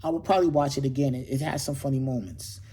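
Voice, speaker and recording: Husky, slangy man hosting his show. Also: mid-range voice, fast. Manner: animated, rhetorical, slangy, repeats himself. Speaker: host. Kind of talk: casual monologue to camera.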